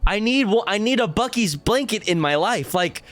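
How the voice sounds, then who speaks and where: A man's voice: high voice, expressive, moderate pace, faint music behind. A man streaming live reactions, talking casually and crudely with lots of swearing and rambling asides.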